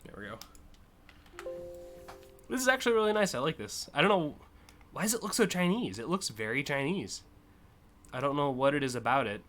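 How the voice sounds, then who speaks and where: A man's voice: a little high, sing-song, a little fast, pauses often, a bit bright, faint music behind. A man streaming live, casually and enthusiastically judging car designs, with frequent fillers and swearing.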